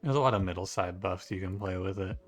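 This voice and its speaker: A man's voice: sits low, fast talker, faint music behind. A man casually commenting on his own game run, talking to the characters and breaking into exasperated outbursts at bad luck. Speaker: video game streamer.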